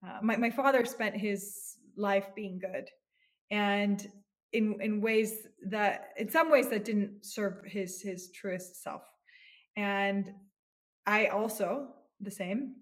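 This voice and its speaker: A woman's voice: mid-range voice, takes it slowly. Earnest, reflective woman therapist. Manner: earnest, reflective, with many restarts. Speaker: psychotherapist guest. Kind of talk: podcast interview.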